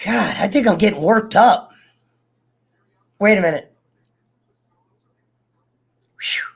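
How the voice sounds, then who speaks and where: A sick man with a cough rambles casually to his viewers, swearing, joking and laughing between coughing fits. His voice is high-pitched and slightly rough, with vocal fry and a slow pace.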